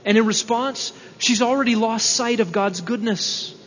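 A man's voice: very high voice, normal speed, a bit bright, husky. A man preaching an expository sermon in an earnest, explanatory way, asking rhetorical questions, in a church hall. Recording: dull, reverberant hall recording with faint hum.

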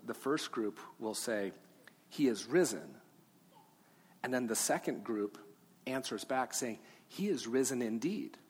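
Male pastor, mid pitch, preaching in a big sanctuary with long echo and faint ambience, coaxing with kids. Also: a little hiss or hum. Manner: gentle, coaxing with children, then earnest and rising. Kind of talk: Easter sermon with children's talk. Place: large church sanctuary. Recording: long hall reverb, faint room ambience.

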